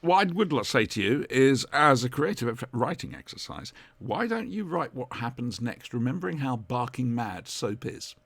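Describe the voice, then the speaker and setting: A man's voice: mid-range voice, animated, normal speed, few pauses, a bit bright. A man chatting on a podcast, rambling and correcting himself as he enthuses about old TV comedy. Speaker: podcast co-host. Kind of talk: casual chat reviewing TV comedy.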